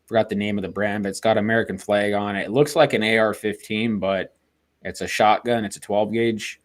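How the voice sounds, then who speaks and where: A man's voice: fairly low pitch, level tone, fairly quick. A man as a guest on a casual podcast, talking in a rambling, hesitant way with many fillers.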